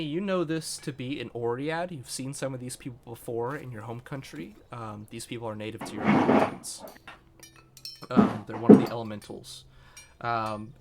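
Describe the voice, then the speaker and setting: A young man runs a tabletop game as its game master, his voice gravelly. He explains rules at an easy pace, filling gaps with ums. A faint hiss sits under his home recording. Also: medium pitch. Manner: relaxed, many ums, slow when voicing shopkeepers.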